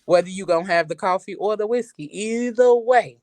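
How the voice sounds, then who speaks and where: A woman talking loudly and energetically in a casual podcast chat, full of slang and laughter. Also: brisk, no room sound. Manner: loud, high-energy and animated. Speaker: podcast guest.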